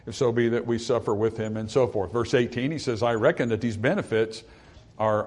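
Here a man with a mid-range voice gives a sermon, reading Bible passages aloud and explaining them in an everyday, conversational manner. He slips into plain asides with fillers, while some sections build up through repetition and increasingly strong emphasis.

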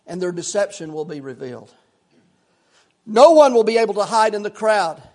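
An older male pastor preaching a sermon in a repetitive, impassioned cadence that drops into hushed, folksy storytelling. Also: extremely high pitch.

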